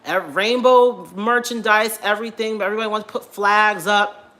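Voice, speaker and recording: A young man vlogging from home in a casual rant, animated and blunt, repeating himself and swearing freely. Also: sits high, normal speed. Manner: animated, repetitive, blunt and profane.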